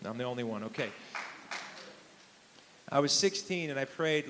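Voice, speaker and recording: A man's voice: medium pitch, lively intonation, moderate pace, pauses often, fairly bright tone, rough recording. A man in his thirties, a pastor preaching a sermon in a conversational, emphatic way, often asking the congregation questions. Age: 30s. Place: church hall with a live congregation.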